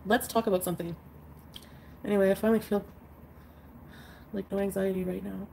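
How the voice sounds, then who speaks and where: A woman's voice: medium pitch, level tone, fairly quick, gravelly, a little mellow, a little hiss or hum, rough recording. A woman chatting casually on a livestream, congested and drowsy from flu medicine, rambling with lots of fillers and small laughs. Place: bedroom.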